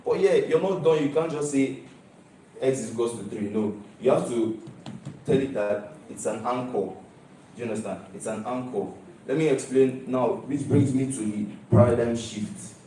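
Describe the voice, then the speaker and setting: A man's voice: mid-range voice, moderate pace, warm tone, a little hiss or hum. Young man presenting in an echoey hall. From Nigeria. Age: young adult. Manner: emphatic, repeats key phrases, keeps asking "do you understand?". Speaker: student presenter. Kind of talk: live project presentation. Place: large lecture hall. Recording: echoey hall, heard from a distance.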